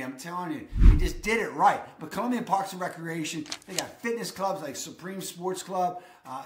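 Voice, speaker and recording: A man's voice: high-pitched, noisy background. Brief: male real estate vlogger, emphatic and upbeat, roomy echo. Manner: enthusiastic, emphatic, repeats "I'm telling you". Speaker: real estate video host. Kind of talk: energetic real estate vlog.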